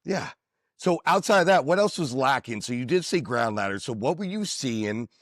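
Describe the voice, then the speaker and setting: A man's voice: medium pitch, expressive, normal speed, fairly bright tone, no room sound, studio quality. A man hosting a casual podcast and teaching firefighters, enthusiastic and chatty, thinking aloud as he talks. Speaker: podcast host, firefighter instructor.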